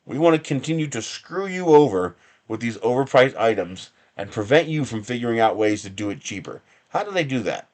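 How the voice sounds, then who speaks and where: A man's voice: medium pitch, big pitch swings, fairly quick. A man hosting a casual live stream from his home workshop bench, rambling and chuckling with sarcastic asides. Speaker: livestream host.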